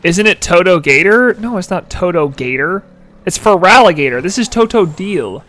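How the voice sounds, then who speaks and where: A man's voice: high voice, lively intonation, moderate pace, sharp tone. A man in his twenties streaming a game live, chatting casually, giggling and answering chat aloud. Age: 20s. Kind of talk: casual gameplay commentary.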